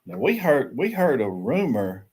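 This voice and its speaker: A relaxed man talking casually over morning coffee, laughing easily and calling out hellos to viewers. His voice sits at an ordinary middle pitch and the talk rambles at an unhurried pace. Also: slight background noise. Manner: easygoing, laughs often, greets viewers by name. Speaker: livestream host. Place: small shed used as a tiny house.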